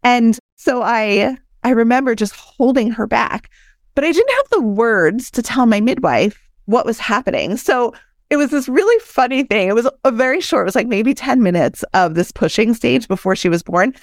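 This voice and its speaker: A woman in her thirties, a doula and founder, telling her own birth story as a podcast guest in an animated, candid way and acting out what people said. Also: fairly high pitch, normal speed, no echo, studio quality. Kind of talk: personal storytelling in conversation.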